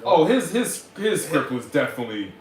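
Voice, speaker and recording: A man's voice: fairly high pitch, big pitch swings, moderate pace, echoey room, slight background noise. A man hosting a casual podcast chat, rambling and sarcastic, with frequent restarts. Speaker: podcast host.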